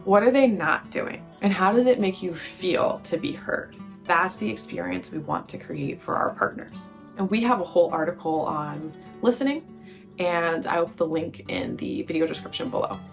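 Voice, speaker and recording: A woman's voice: on the low side, sing-song, moderate pace. A woman hosting a relationship-advice video, explaining points conversationally to the camera and often asking rhetorical questions. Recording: faint guitar music behind.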